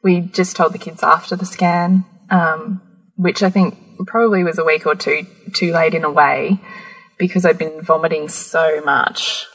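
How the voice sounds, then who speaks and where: Low husky woman telling a story. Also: measured pace, poor audio. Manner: animated, laughs often, acts out quoted voices. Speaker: podcast guest. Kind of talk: candid conversational storytelling.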